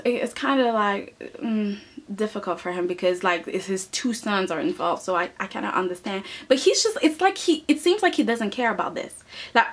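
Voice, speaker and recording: Chatty woman reviewing soap episodes. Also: a little high. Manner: animated, chatty, keeps adding "okay?"; acts out characters in mocking asides. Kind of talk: casual spoken review.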